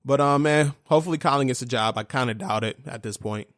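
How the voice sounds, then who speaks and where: A man's voice: mid-range voice, fast, a bit bright, no echo, studio quality. A young man hosting a casual sports podcast, talking in a fired-up, profane rant full of fillers. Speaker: podcast host.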